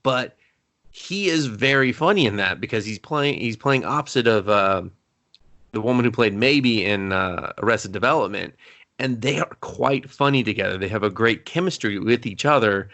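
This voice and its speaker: A man's voice: fairly low pitch, normal speed, fairly bright tone. A man co-hosting a casual movie review podcast, talking in an easygoing, agreeable way. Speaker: podcast co-host.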